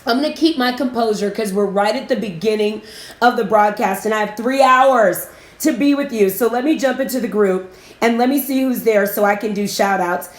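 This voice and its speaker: A woman coaching business owners on a live broadcast, chatty and emotional, giving shout-outs to viewers. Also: fairly high pitch, normal speed. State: emotional, near tears. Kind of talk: casual live-stream talk. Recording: roomy echo.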